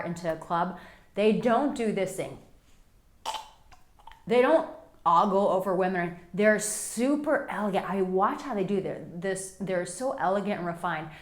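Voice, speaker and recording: Woman dating coach, mid-pitch, lively and expressive, talking to camera in a roomy space with echo. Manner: animated, acts out quotes, stretches words for emphasis. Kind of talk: advice monologue to camera. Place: Monaco.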